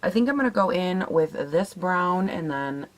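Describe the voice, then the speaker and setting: A young woman with a raspy morning voice, chatting casually as she tests makeup, swearing now and then and laughing at herself. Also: fairly low pitch, expressive, moderate pace. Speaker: beauty vlogger. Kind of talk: casual makeup tutorial chat.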